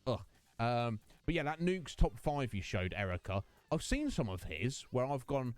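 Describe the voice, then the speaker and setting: A man's voice: mid-range voice, sing-song, moderate pace, faint music behind. A man chatting casually with his stream viewers, rambling between topics and greeting them by name. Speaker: game streamer.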